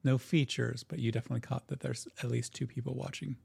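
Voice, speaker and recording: A man narrating as game master of a tabletop role-playing game, describing scenes in a relaxed way. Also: mid-range voice, quick pace, creaky, husky. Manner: relaxed, descriptive, with frequent restarts.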